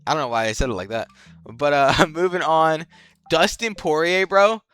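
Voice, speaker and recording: A man's voice: fairly high pitch, moderate pace, a bit bright, smooth, dry recording, studio quality, soft background music. A young man giving casual, slangy commentary as a channel host, rambling, swearing freely and laughing at his own jokes. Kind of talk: casual tier-list commentary.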